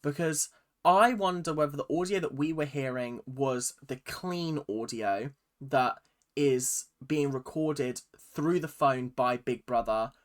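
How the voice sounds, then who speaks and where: Animated recap vlogger. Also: medium pitch. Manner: animated, swears freely, acts out quotes. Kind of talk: casual reality-show recap rant.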